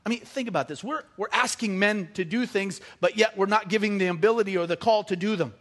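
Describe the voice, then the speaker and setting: High-pitched animated male preacher. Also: fast. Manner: animated, joking asides to the congregation. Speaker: pastor. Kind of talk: sermon.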